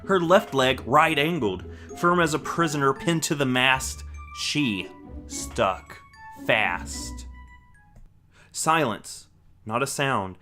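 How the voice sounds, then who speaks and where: A man reading a rhyming children's book aloud with a rhythmic, expressive delivery. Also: medium pitch. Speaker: storyteller.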